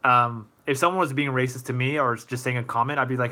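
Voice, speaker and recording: A man's voice: mid-range voice, steady tone, fast talker, hardly any pauses, sharp tone. A man hosting a casual live-stream Q&A, chatty and easygoing, answering viewer comments with many fillers.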